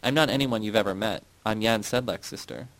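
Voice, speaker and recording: A man's voice: fairly low pitch, fairly quick, fairly bright tone, dry recording. A man reading the lines of a proud, scheming woman who speaks cryptically, in an audiobook. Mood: sly.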